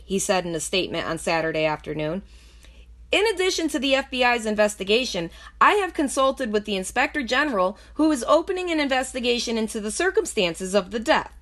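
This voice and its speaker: A woman with a slight lisp and a somewhat high voice reads news passages aloud. She cuts in often with skeptical, sarcastic remarks in a casual home-commentary tone. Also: big pitch swings, brisk, fairly bright tone. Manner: skeptical, sarcastic asides between read passages.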